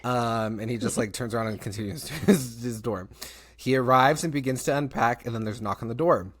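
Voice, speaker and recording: A young man hosting a podcast, telling a story in casual chat, animated, laughing often and swearing freely. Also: medium pitch, brisk. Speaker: podcast host.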